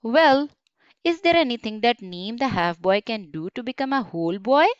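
A woman's voice: fairly high pitch, lively intonation, moderate pace, clear, resonant tone, dry recording, lo-fi sound, close to an everyday voice. A woman voicing a group of fairies in a children's storybook, passing on a message in an eager, earnest way.

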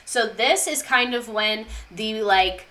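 Brief: woman history vlogger, casual and passionate, irreverent, with a clear and bright voice. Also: a little high, slow. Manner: irreverent, passionate, swears freely.

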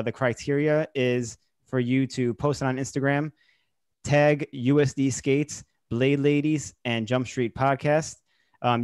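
A man hosting a podcast, chatting casually and reading out announcements and shout-outs. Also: mid-range voice, dry recording, studio quality. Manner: friendly, reads shout-outs. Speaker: podcast host.

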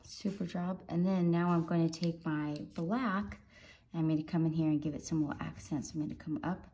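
A woman guiding viewers step by step through coloring a drawing, in a gentle instructing manner. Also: deep voice, steady tone, a little fast. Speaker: art teacher. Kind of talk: drawing tutorial narration.

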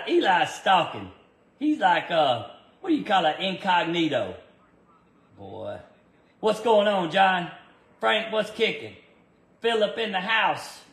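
A man's voice: high-pitched, big pitch swings, measured pace, pauses often, fairly bright tone. Easygoing man in an echoey shop. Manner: rambling and easygoing, full of fillers, greeting viewers by name. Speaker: race car builder livestreaming from his shop. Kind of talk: casual livestream chat. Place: garage workshop.

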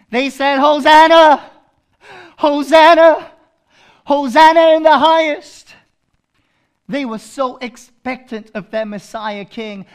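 A male pastor preaching a sermon, swinging from loud proclaiming to hushed intensity and repeating phrases for emphasis. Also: high voice, clean tone.

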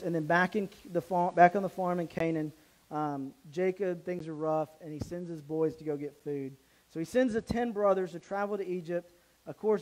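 A man with a higher-than-usual voice delivers a sermon in a church. He tells the story casually and with animation, stumbling and restarting as he goes. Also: a little mellow, rough recording. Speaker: pastor.

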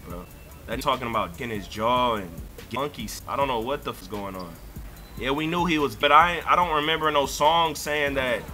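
A young man giving profane, excitable live commentary while playing a video game, ranting and breaking into sudden shouts. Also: medium pitch. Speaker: gaming streamer.

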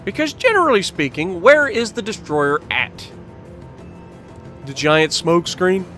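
A man narrates his gameplay in a casual, playful way, joking with his viewers and sometimes scolding the game. His voice sits fairly high and bright. Soft game music plays underneath. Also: very animated, a little slow. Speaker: gaming channel host.

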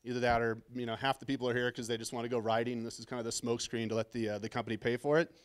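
A man's voice: mid-range voice, flat delivery, racing, clean tone. A middle-aged man from Southern California giving his first conference keynote, telling stories in a casual, self-deprecating and slightly nervous way on a stage microphone. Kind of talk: casual storytelling keynote talk.

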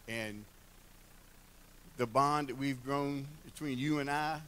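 A man's voice: medium pitch, fairly even intonation, takes it slowly, a bit bright, slight background noise. An older man giving a heartfelt church address, telling folksy stories with humor. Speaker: church member speaking at a retirement celebration.

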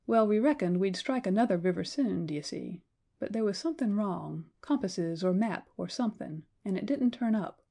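A woman voicing a worn-out frontier man who talks gently to a child in a folksy drawl. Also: mid-range voice, expressive, moderate pace, gravelly. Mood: weary.

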